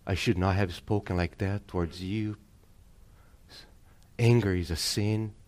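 A man voicing a remorseful mother in a sermon story, speaking softly and pleading with her family for forgiveness. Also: low voice, fairly even intonation, measured pace, voice pushed down. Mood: pleading, contrite. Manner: soft, pleading, contrite.

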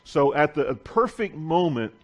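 A man preaching a sermon to a congregation in a church, reading scripture aloud with deliberate pauses. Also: on the high side, very animated, lo-fi sound.

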